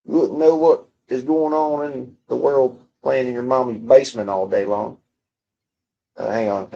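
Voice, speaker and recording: A man's voice: mid-range voice, fairly even intonation, normal speed, gravelly, warm tone. A young man livestreaming from his home, casually reading chat and bantering with viewers in a profane, mocking way. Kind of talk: casual live-stream chat reading comments. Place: home room.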